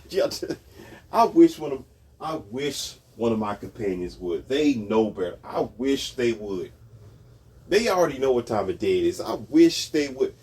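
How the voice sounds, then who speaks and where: A man's voice: mid-range voice, darkish tone, breathy edge. A man hosting a commentary channel, ranting about society in a sarcastic, emphatic way and repeating his points.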